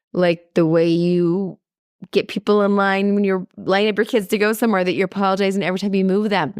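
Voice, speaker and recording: A woman hosting a podcast in a loose, chatty way, leaning on "like" and "right?" as she goes. Her voice has a gravelly, fried edge. It is recorded dry and close, with no room sound. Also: medium pitch, no echo. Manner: chatty, lively, frequent "like" and "right?". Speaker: podcast host. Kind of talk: casual solo podcast talk.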